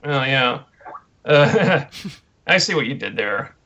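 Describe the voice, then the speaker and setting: A man's voice: mid-range voice, animated, slow pace, pushed and bright. A man co-hosting a casual wrestling podcast, ranting with mocking disbelief. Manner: incredulous, mocking rant. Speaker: podcast co-host. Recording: dull lo-fi audio.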